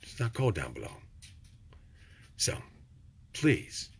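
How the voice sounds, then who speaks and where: An older man from Texas giving a rambling, preachy motivational talk, swinging from low and quiet to loud. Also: big pitch swings, slow pace, creaky, a little hiss or hum. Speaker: vlogger.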